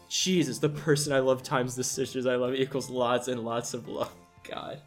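A man's voice: mid-range voice, fairly even intonation, moderate pace, soft background music. A man hosting a let's play, giving casual, sarcastic, exasperated commentary full of swearing.

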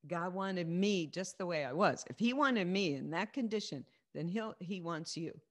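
Over a video call, a woman teaching a faith group tells her testimony with earnest conviction, repeating important phrases to drive them home. Her voice is fairly low and animated, at a normal speed.

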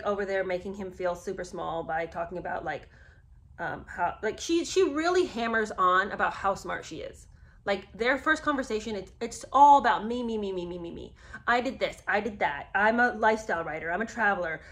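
A woman's voice: medium pitch, a bit bright. A woman giving casual, sarcastic commentary on a book, talking straight to her viewers and often rising into indignant disbelief.

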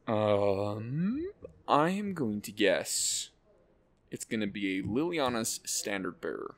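A man hosting an unboxing, excitedly calling out card names and cracking quick jokes as he goes. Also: fairly low pitch. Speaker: host opening card packs. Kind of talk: casual unboxing commentary.

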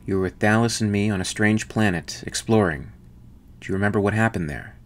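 A man with a low voice voicing a firm, concerned female ship officer in a read-aloud story. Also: a little fast, natural voice.

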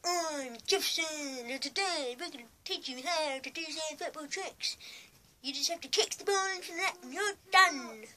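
A man's voice: very high voice, normal speed, bright, forceful tone, pitched above the performer's own voice, heavily acted. A boy voicing a cheeky made-up male tutorial presenter who is upbeat but lazy and unhelpful.

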